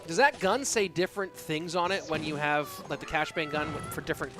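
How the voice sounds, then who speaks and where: A man's voice: a little high, brisk, music in the background. A man hosting an esports live stream, chatting in a laid-back, joking way. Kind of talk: casual live-stream commentary.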